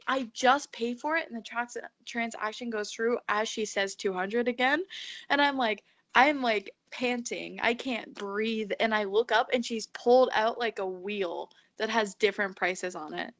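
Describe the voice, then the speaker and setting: A woman's voice: on the high side, a little slow. A teenage girl co-hosting a podcast, telling a dream story in casual chat, acting out the other voices and swearing freely. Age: teens. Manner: animated, acts out quoted voices, swears. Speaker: podcast co-host.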